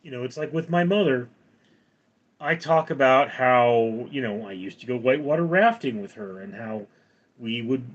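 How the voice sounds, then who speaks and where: A man's voice: medium pitch, lively intonation, moderate pace, lo-fi sound. A man in his forties hosting a live stream, reading out viewer comments and rambling in reply. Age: 40s. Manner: rambling, reads viewer comments aloud and answers them. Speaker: livestream host.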